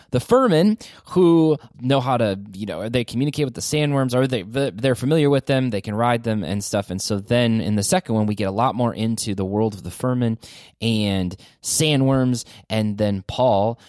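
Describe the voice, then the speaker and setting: A man hosting a casual podcast chat about movies, animated, his pitch jumping up when he gets excited. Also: dry recording, clean studio sound. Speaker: podcast host.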